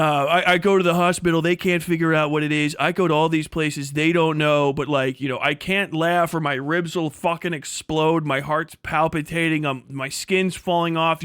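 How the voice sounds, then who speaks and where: A man putting on the voice of a sickly man who whines about a mystery illness, halting and hesitant with many ums. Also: on the high side, fairly even intonation, fairly bright tone, smooth, no echo, clean studio sound, close to an everyday voice. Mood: whiny.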